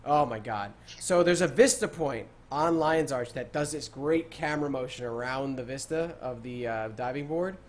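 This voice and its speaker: A man's voice: mid-range voice, normal speed, few pauses. A young man hosting a casual gaming podcast, telling stories with lots of fillers and bursts of laughter. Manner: laughing, excitable storytelling with many fillers. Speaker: podcast host.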